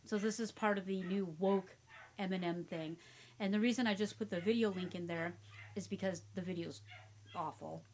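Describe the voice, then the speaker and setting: A woman's voice: fairly low pitch, fairly even intonation, normal speed, a little mellow, a little hiss or hum. A woman in casual conversation, riffing on online comments. She reads them out with heavy sarcasm and breaks into laughter often. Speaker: co-host.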